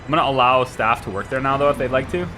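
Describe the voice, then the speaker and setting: A Scottish streamer gives live gameplay commentary, thinking out loud and talking both to viewers and to the little workers in his game. His mid-range voice is quick and sharp, with soft music in the background.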